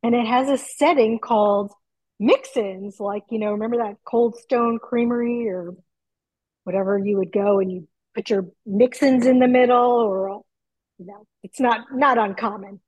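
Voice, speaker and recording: A middle-aged woman chatting excitedly from her home kitchen over a video call, through earbuds. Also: fairly high pitch, moderate pace, no room sound, rough recording. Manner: chatty, excitable, laughs easily. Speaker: guest.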